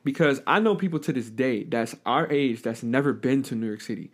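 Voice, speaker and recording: A man's voice: medium pitch, a little fast. A young man co-hosting a casual podcast. He tells stories in a laid-back way and needles his friend with playful teasing. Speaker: podcast co-host. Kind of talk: casual chat.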